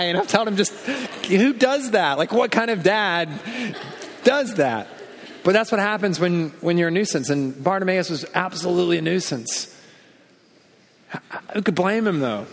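A man in his thirties preaches a sermon from the pulpit. His voice sits a little high and carries a long hall reverb. He tells stories with animation, then drops low and quiet to drive a point home. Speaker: pastor.

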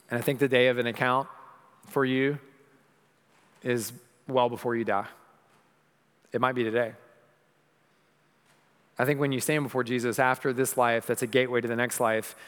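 A man's voice: mid-range voice, a bit bright, clear, resonant tone, in a large hall. A man preaching a sermon as pastor, earnest and rising to emphatic peaks. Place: church sanctuary.

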